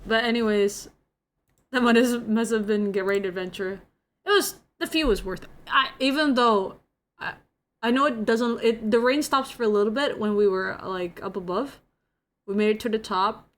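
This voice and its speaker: Young woman streamer, rambling chatty storytelling, middle pitch. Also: unhurried. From Indonesia. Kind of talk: casual chat with viewers.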